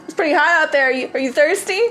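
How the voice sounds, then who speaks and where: A woman's voice: high voice, rapid-fire, a bit bright, faint music behind. A woman vlogging at home with a handheld camera, chatting casually, giggling and rambling with lots of "like" and "I don't know". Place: at home, putting away groceries. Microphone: handheld vlog camera.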